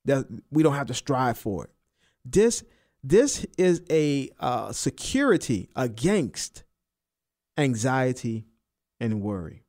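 A man preaching a sermon, repeating and stressing key phrases and rising in pitch on the emphatic ones. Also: very animated, takes it slowly, darkish tone. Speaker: pastor.

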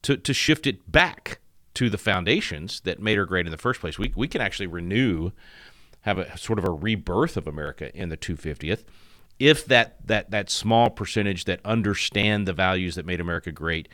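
A man's voice: sits low, animated, moderate pace, bright, forceful tone, dry recording, clean studio sound. A middle-aged man hosting a radio talk show, rambling through his points with many restarts and fillers. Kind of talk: casual radio commentary.

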